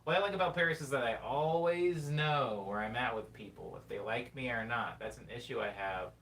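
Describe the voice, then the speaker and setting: A man's voice: brisk, fairly bright tone. A man in his twenties hosting a live stream, reading chat messages aloud and reflecting in a rambling, casual way. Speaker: livestream host. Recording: distant mic with faint rumble.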